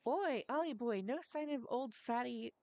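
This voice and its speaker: A woman's voice: a little high, moderate pace, noisy background, pitched above the performer's own voice, close to an everyday voice. A woman voicing a chatty male fairy creature with a brash, teasing delivery while reading a game's dialogue.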